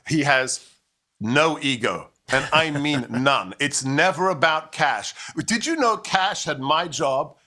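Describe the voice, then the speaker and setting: A middle-aged man, an immigrant to the United States, speaks as a guest commentator with a forceful, bright, ringing tone. He talks in emphatic rhetoric and drives each point home, slipping into stories along the way. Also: mid-range voice. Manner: forceful, rhetorical, with storytelling and impressions.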